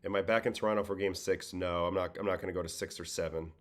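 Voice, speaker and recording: A man's voice: deep voice, quick pace. A tired man from Brooklyn with a faint New York-Boston accent, hosting a casual livestream chat and answering viewer questions aloud. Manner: relaxed, conversational, reads chat questions aloud. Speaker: livestream host, former pitcher.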